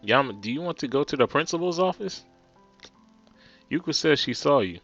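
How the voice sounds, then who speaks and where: A man's voice: a little high, lively intonation, moderate pace, a bit bright, lo-fi sound, soft background music. A man with a New Jersey accent voicing a stern, stuffy male schoolteacher in a pompous, scolding tone.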